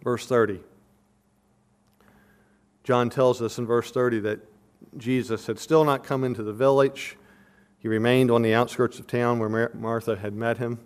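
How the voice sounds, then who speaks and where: A man preaching an earnest, emphatic sermon, working through a text verse by verse. He presses his points with repeated questions, then slows down to explain word meanings like a teacher. His voice sits at an ordinary middle pitch for a man. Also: fairly even intonation, clear, resonant tone. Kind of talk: expository sermon.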